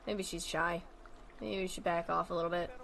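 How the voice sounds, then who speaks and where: A woman's voice: on the low side, steady tone, fairly quick, creaky, a bit bright, slight background noise. A woman streaming a game in casual chat, rambling and chatty, often trailing off, restarting and swearing casually. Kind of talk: casual chat while playing a zoo-building game.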